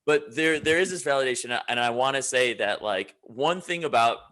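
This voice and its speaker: A man's voice: mid-range voice, expressive, normal speed, a bit bright. A man co-hosting a casual podcast, talking in an earnest, reflective way and drifting onto side topics. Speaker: podcast co-host. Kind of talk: casual chat.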